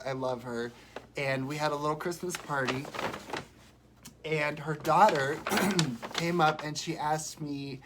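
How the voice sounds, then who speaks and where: A man chatting and rambling warmly on a live stream from home while sick, showing gifts and telling stories. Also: on the high side, slight background noise. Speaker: vlogger. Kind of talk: casual live-stream chat.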